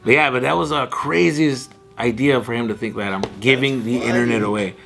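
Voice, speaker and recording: A young man telling loud, animated stories among friends, swearing freely and mimicking his dad. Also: medium pitch, brisk, gravelly. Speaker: guest. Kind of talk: casual storytelling among friends.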